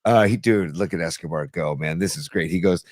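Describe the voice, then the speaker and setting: A man's voice: deep voice, brisk, darkish tone, no room sound. Chatty man in a dry close mic. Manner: loose and chatty, calls everyone dude. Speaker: podcast co-host. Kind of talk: casual sports chat, reading listener picks from the chat.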